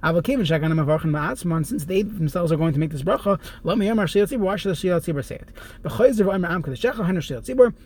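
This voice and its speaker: A man giving a Jewish law lesson, reading short phrases from a text and explaining each one in plain, unhurried English. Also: high voice, lively intonation, darkish tone. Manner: reads Hebrew phrases then explains in English, with pauses and restarts. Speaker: Torah teacher.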